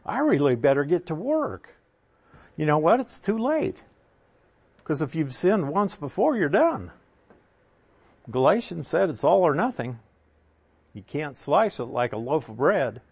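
A man's voice: a little high, very animated, unhurried, creaky, pauses often, breathy edge. A man preaching a sermon, teaching from scripture in a conversational, emphatic way with rhetorical questions.

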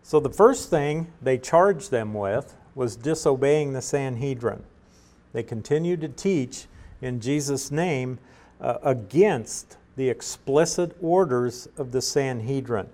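A middle-aged man giving a verse-by-verse Bible teaching in a measured, explanatory way, with frequent fillers and restarts. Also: mid-range voice, expressive, darkish tone.

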